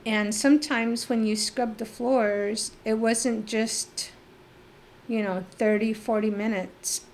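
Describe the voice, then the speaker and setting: A middle-aged woman from northeastern Arizona, recounting her life as an interview guest, reflective and halting, with pauses and fillers. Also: a little high, steady tone, darkish tone, a little hiss or hum. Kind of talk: personal life-story interview.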